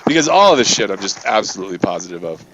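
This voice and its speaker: A man's voice: deep voice, racing, noisy background. A man hosting a gaming channel, telling a rambling story full of swearing and filler words. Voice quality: profane, filler-heavy, animated retelling. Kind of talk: rambling storytelling over gameplay.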